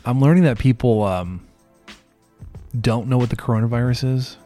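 A man's voice: medium pitch, moderate pace, soft background music. A man hosting a podcast, chatting casually about sports with easy restarts. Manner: relaxed, repeats words. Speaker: podcast host.

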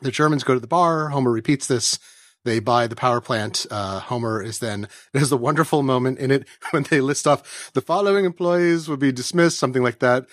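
A man's voice: medium pitch, fairly quick, fairly bright tone, dry recording. Wry rambling man on a podcast, dry sound. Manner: wry, rambling storyteller with bursts of laughter. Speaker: podcast panelist. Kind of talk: casual podcast chat.

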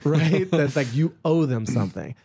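A man speaking as an author guest in a casual conversation, animated and self-mocking, with quick jokes. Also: fairly high pitch, husky.

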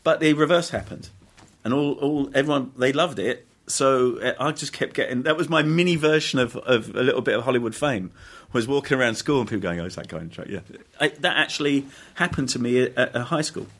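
Speaking briskly in a medium-pitched, fairly bright voice, this middle-aged man from England is an actor guesting in a relaxed interview. His storytelling wanders, full of restarts, self-corrections and frequent laughter.

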